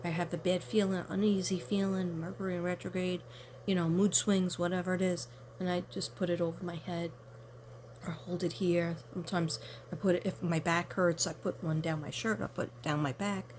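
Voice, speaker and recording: A woman's voice: lowish voice, flat delivery, normal speed, darkish tone, slight background noise. A woman card reader chatting casually to camera, rambling through a story and talking to her viewers directly.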